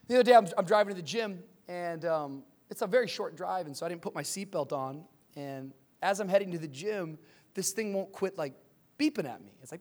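Pastor, man, 30s, high voice, sermon delivery, hushed asides rising to shouts. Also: animated, fairly quick.

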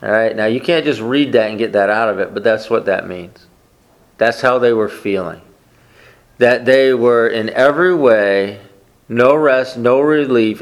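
A man preaching a conversational sermon, often asking the congregation questions. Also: on the low side. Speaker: pastor.

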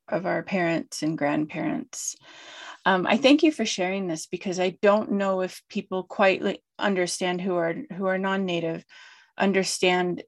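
Low, gravelly-voiced woman interviewer. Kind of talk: interview talk.

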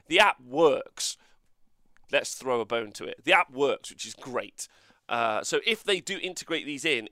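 A man's voice: on the high side, pushed and bright, no echo, clean studio sound. A man hosting a casual livestream review, rambling and joking and swearing as he goes. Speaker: host.

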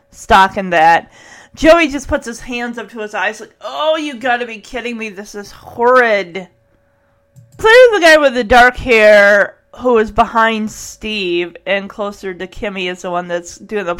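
A woman's voice: medium pitch, fairly bright tone. A woman hosting a podcast, recapping a sitcom episode in a chatty way and acting out the characters' lines. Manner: chatty, acts out quoted lines with laughs. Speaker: podcast host.

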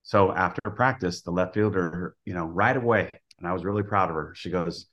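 Male coach as podcast guest, low-pitched, plain and explanatory. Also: a little fast, lo-fi sound. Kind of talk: casual podcast interview.

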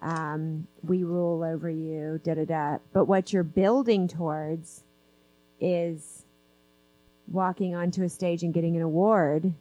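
A woman's voice: lowish voice, steady tone, unhurried, warm tone, dry recording, lo-fi sound. Chatty woman host, dry sound. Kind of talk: casual book discussion.

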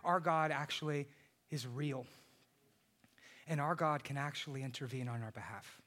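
A man in his thirties preaching a sermon, swinging from shouted peaks to soft, hushed passages. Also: mid-range voice, normal speed. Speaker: pastor.

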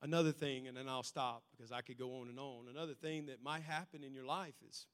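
Bright-voiced male preacher in a reverberant hall. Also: mid-range voice, a little fast, smooth. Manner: animated storytelling, swings between loud and quiet. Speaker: pastor. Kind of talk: sermon. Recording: long reverb in a large hall.

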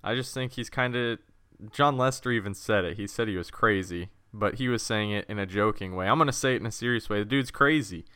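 A young man with a bright, crisp voice, recorded dry and close. He runs the conversation with a teasing, playful edge, moving things from topic to topic. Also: fairly low pitch, fast, no echo. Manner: teasing, steers the segments. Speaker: podcast co-host. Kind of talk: casual sports chat.

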